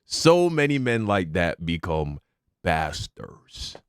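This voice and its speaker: A male reaction video host talking casually, sardonic at times and earnest at others. His voice is very low. The recording is dry and close, with no room sound. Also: sing-song, slow, clear, resonant tone, dry recording. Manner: sardonic, then earnest and pleading. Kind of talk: casual commentary.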